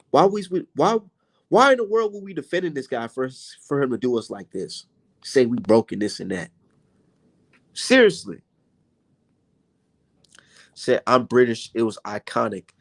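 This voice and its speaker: Here a young boxing commentator running his own channel rants profanely and reads out what viewers wrote. The voice is slightly high and creaky, and his manner is blunt, crude, and exasperated.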